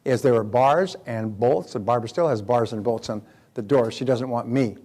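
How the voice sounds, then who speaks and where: An older man gives a motivational seminar talk in a mid-range, slightly mellow voice at normal speed. He often repeats and restarts words and acts out the voices of people he quotes.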